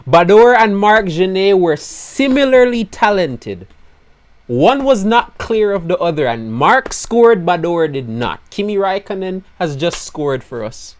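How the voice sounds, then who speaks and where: A man commentating live on his own gameplay, his voice going hoarse as he swings between low despairing mutters and loud excited outbursts. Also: measured pace. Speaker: gaming video creator.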